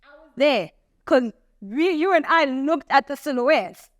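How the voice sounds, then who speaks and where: A woman hosting a casual interview, chatty and quick, mixing in isiZulu phrases. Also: high voice, animated, dry recording. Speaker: show host.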